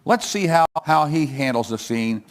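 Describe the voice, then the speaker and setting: A man doing a fed-up high priest. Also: lively intonation, normal speed, close to an everyday voice. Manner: fed-up, dismissive. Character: exasperated older male high priest.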